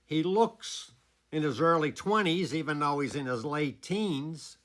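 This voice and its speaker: Animated man. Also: on the high side. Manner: animated, chuckles between lines. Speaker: former teacher telling a story. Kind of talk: casual spoken storytelling.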